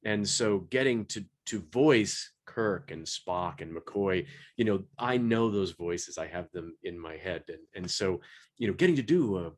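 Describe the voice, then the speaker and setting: A man with a fairly low voice talks about his narration work in a panel discussion. He is lively and animated, restarting phrases and doubling words as he goes. He sounds middle-aged. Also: a little slow. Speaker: audiobook narrator.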